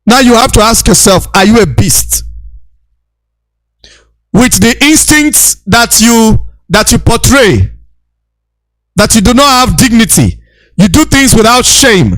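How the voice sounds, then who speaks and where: A man with a very high voice lectures with fervor, hammering the same points again and again and often raising his voice to a shout. The sound is dry, with no room around it. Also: big pitch swings, measured pace, pauses often, no room sound. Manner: preachy, repetitive, shouting rebukes. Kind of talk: impassioned lecture.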